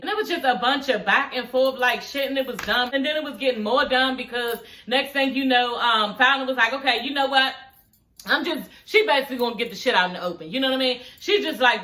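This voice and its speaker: A woman's voice: on the high side, fairly quick, sharp tone, slight background noise. A woman recapping a reality show for her viewers in a sassy, profane, chatty way. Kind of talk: casual recap chat.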